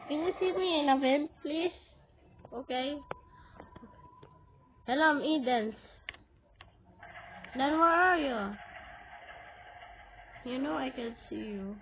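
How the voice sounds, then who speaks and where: Excitable woman narrating her gameplay, high and unhurried, on a tinny phone-like line with clear hiss. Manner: excitable, shrieks when scared, giggly. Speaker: Roblox player. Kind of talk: gaming commentary while playing. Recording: tinny lo-fi capture with noise.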